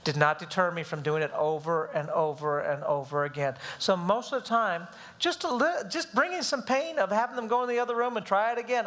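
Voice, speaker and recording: A man teaching a live parenting class in a casual, animated way, with his wife co-teaching. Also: very high-pitched, fairly quick. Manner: animated, acts out kids' voices in quotes.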